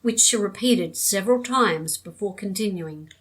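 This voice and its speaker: A woman narrating an audiobook with a measured, steady storytelling delivery. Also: medium pitch, husky, poor audio.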